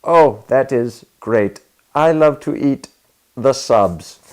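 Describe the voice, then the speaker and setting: A man playing a nervous actor who slowly stumbles through his lines. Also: medium pitch, a little mellow, pitched above the performer's own voice, natural voice. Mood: halting. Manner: halting, slow, reading word by word.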